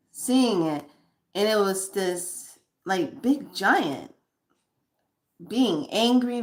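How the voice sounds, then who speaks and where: Slow, low-voiced woman hosting a spiritual livestream. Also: fairly bright tone. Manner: chatty, laughing, slow drawn-out reading. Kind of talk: casual spiritual livestream talk.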